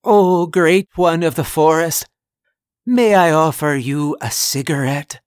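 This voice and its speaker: A man's voice: fairly high pitch, slow pace, smooth, no room sound, studio quality. A man voicing a giddy man who speaks to a monster in a ridiculous, vague accent, with pompous, grandiose formality.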